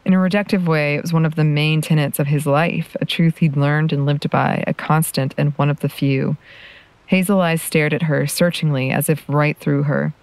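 A woman narrating a piece of fiction in a steady, measured storytelling voice. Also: low voice, no echo, low-quality recording. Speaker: podcast host reading fiction. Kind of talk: audiobook narration.

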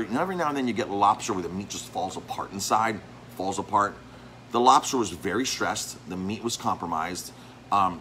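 A man's voice: fairly low pitch, pushed and bright, a little hiss or hum, low-quality recording. A man who owns a restaurant and cooks there, talking casually about reviews of his place, rambling with many restarts and repeated words. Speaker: restaurant owner and chef. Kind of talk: casual talk to camera.

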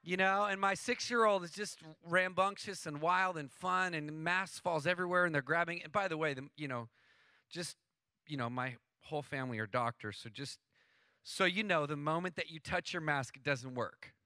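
A man in his thirties preaching a sermon in a church, casual and excitable, with slangy asides, restarts and sudden bursts of emphasis. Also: fairly high pitch, normal speed, smooth, no room sound. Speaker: worship leader preaching.

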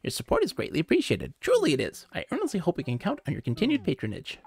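A woman's voice: fairly low pitch, huge pitch swings, fast, gravelly, darkish tone, voice pushed up, full character voice. A woman voicing a fussy, long-winded male owl who curates a museum in a video game, talking in a mannered, rambling and overly polite way.

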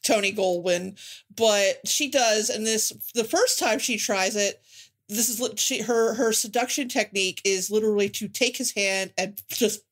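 A woman co-hosting a casual film podcast, talking in a halting, hedging way and often trailing off mid-thought. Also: medium pitch. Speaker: podcast co-host. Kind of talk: casual film-review chat.

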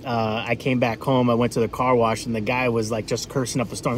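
A man's voice: mid-range voice, steady tone, a little fast, fairly bright tone, a little hiss or hum. Chatty New man on a livestream. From New England. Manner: rambling, chatty, lots of fillers. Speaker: livestream food vlogger. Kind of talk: casual live-stream chat.

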